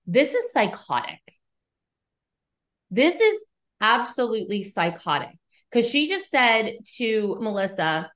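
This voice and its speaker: A woman's voice: fairly high pitch, big pitch swings, a little slow, fairly bright tone. A woman co-hosting a podcast, recapping an episode in casual chat and acting out the quotes she retells, with the odd swear word.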